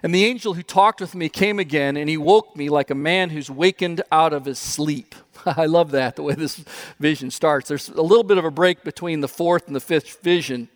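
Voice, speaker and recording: An older man preaching a sermon, telling stories with animated warmth and frequent chuckles. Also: on the high side, moderate pace. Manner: animated storytelling, chuckles often. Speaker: pastor.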